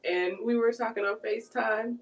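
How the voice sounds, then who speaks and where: A woman's voice: a little high, steady tone, moderate pace. A young woman from Ohio telling a story in casual chat, laughing often and putting on voices for quotes. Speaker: tarot reader.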